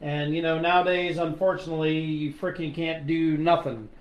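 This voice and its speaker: A blunt, salty middle-aged man with a high voice hosts a casual chat about his days on the job. The sound is roomy and echoey. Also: level tone, moderate pace, dull audio. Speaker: podcast host, retired police officer. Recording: roomy echo.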